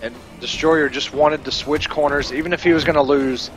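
A man giving play-by-play tournament commentary on a fighting game, analytical and quick to get excited at big moments. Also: a little high, faint music behind. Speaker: esports commentator.

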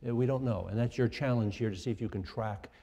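Professor lecturing in an echoey hall. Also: male voice, mid-range voice, fast talker, dark tone. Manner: conversational, questions students, frequent restarts. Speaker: music professor. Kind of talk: university lecture. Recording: reverberant lecture hall recording.

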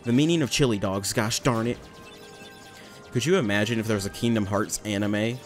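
A man's voice: lowish voice, fast talker, soft background music. A young man rambling and joking through casual gameplay commentary, swearing now and then. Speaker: let's play commentator.

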